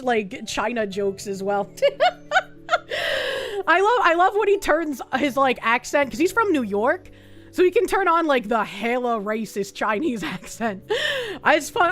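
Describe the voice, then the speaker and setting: Casual woman streamer, high voice, salty and giggly while reading chat. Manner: profane, quick to laugh, reads chat messages aloud.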